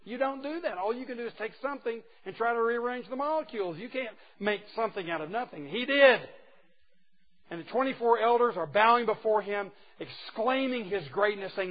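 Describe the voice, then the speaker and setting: A man preaching a sermon to a group of men, emphatic and folksy, dropping from loud exclamations to hushed asides. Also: extremely high pitch, brisk, dull audio. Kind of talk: sermon to a men's gathering.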